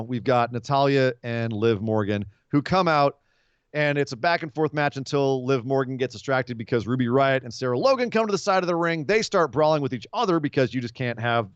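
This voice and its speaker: A man co-hosting a casual wrestling podcast, talking in long, animated, rambling explanations full of asides. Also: mid-range voice, normal speed, clear, resonant tone, no room sound, lo-fi sound. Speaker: podcast co-host.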